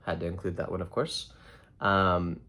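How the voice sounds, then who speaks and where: Low-voiced man teaching in a relaxed way. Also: normal speed. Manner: relaxed, thinks aloud with frequent ums and self-corrections. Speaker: Spanish teacher. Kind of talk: casual explanatory lesson.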